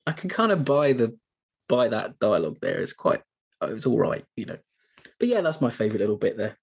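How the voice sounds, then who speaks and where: Very animated and a little fast, a man with a creaky, husky, medium-pitched voice co-hosts a podcast. He chats loosely about a movie, rambling, restarting often and tossing in asides.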